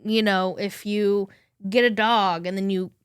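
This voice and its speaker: A woman's voice: mid-range voice, fairly even intonation, a little slow, clear, resonant tone, no echo, clean studio sound. A woman co-hosting a podcast, chatting conversationally and asking her guest follow-up questions. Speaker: podcast co-host. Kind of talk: casual chat interview.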